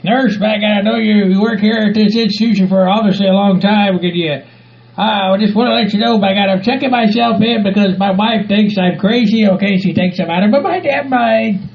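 A man voicing a loud hillbilly, rambling and quick to blow up. His voice sits high and gravelly, like a lo-fi home comedy sketch. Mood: rambling nervous. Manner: rambling, peppers talk with "by God", bursts into shouting. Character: rowdy hillbilly man checking into an asylum.

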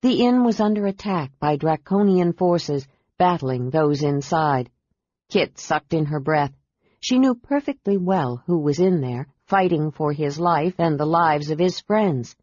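A woman reading a fantasy novel aloud as audiobook narrator, with a measured, steady delivery. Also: low-pitched, dry recording. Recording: dull dry audiobook recording.

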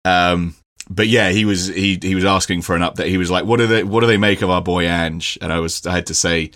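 A man co-hosting a podcast in casual chat, rambling and sweary, quick to laugh. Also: low voice, fairly even intonation, a bit bright. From Britain. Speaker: podcast co-host.

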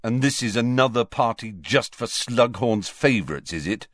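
A man's voice: medium pitch, expressive, normal speed, fairly bright tone, no echo, studio quality. A man voicing a sulky teenage schoolboy in an audiobook, sarcastic and sneering. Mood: resentful. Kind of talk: audiobook character voice.

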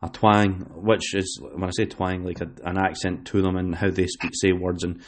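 Scottish guy hosting a chatty podcast, lowish voice, rambles and restarts a lot. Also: flat delivery, moderate pace. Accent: Scottish, West Lothian. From Scotland. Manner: rambling, many fillers and restarts. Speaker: podcast host. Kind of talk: casual chat.

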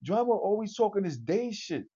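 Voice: medium pitch, expressive, brisk, dark tone, husky. A profane, rambling livestreamer talks casually and laughs at their own jokes. The audio is dull and lo-fi, like a phone stream.

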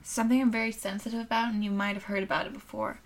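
Lady cohosting a silly podcast, mock serious questions, middle pitch voice. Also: fairly even intonation, racing. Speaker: podcast co-host. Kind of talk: joking casual chat.

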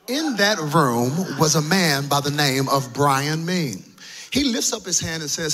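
A man in his thirties, a pastor from the United States, preaching a sermon to a congregation and telling a personal story with animated, comic delivery. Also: on the high side, a little slow. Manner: animated, comic storytelling with playful voice-acting of himself. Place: church service before a live congregation.

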